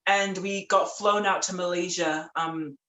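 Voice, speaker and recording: A woman from Tonga, a podcast guest, telling stories in a lively, chatty way full of "like" and "um". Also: fairly low pitch, unhurried, echoey room, low-quality recording. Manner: lively, chatty, many fillers like "like" and "um". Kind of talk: casual storytelling in a podcast interview.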